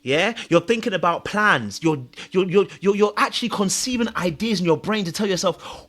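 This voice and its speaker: Animated man giving dating advice. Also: high voice, normal speed, few pauses. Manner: emphatic, confessional, acts out own thoughts. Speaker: podcast host and dating coach.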